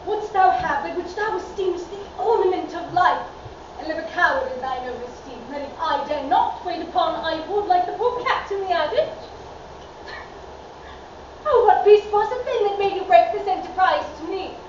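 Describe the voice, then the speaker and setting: A woman's voice: very high-pitched, lively intonation, normal speed. An actress playing a fierce noblewoman goading her husband, in a commanding Shakespearean stage monologue. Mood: scornful. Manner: scornful, commanding verse delivery. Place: theatre stage. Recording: echoey hall, far off, dull, noisy.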